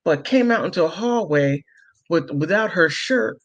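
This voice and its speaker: A man's voice: fairly high pitch, animated, moderate pace, highs cut off. A man hosting a livestream, casually reading viewer comments aloud, giggling often and rambling with many fillers. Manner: giggly, laughs often between remarks; loose and rambling, full of fillers. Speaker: livestream host.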